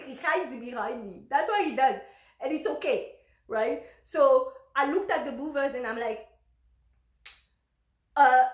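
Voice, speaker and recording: A woman telling a personal story in a casual, chatty way, recorded in an echoey room. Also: sits high. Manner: chatty, lots of fillers and restarts. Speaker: vlogger.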